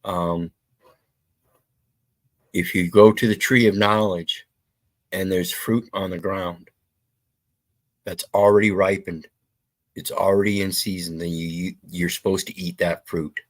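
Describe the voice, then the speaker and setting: A man's voice: sits low, steady tone, unhurried, long pauses, no room sound. A man hosting opinionated commentary, blunt and preachy with some profanity. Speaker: commentary host.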